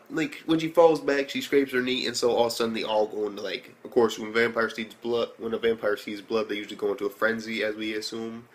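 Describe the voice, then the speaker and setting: A man's voice: a little fast, few pauses. Rambling, profane young man reviewing anime. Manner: rambling and profane, many fillers; excitable, jumps into high reactions. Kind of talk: casual recap and review.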